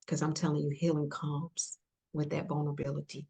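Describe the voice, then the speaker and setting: A woman speaks on a podcast in a low, husky voice with a gravelly edge. She is earnest and heartfelt, repeating her encouragements and often softening into a whisper. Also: level tone, brisk. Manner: earnest, repetitive, softly emotional, drops to whispers. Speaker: podcast guest.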